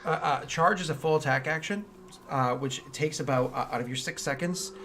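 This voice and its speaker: A man with a fairly high voice runs a tabletop role-playing session. He explains the rules loosely and chattily, then launches into vivid, excited narration of every blow. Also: moderate pace, background noise. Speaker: game master. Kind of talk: running a tabletop game session.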